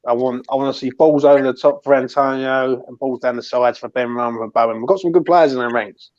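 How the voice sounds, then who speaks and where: A man's voice: medium pitch, fairly even intonation, fast, darkish tone, no room sound. Man, fan pundit, passionate, emphatic, dull dry mic. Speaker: guest pundit. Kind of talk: live fan show chat.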